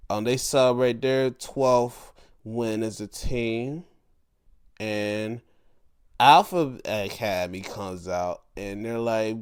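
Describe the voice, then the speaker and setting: A man hosting his own show, reviewing wrestling in casual chat. He is excitable and laughs, jumps into high-pitched reactions, and drops into low mumbled asides. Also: slow, clear, resonant tone.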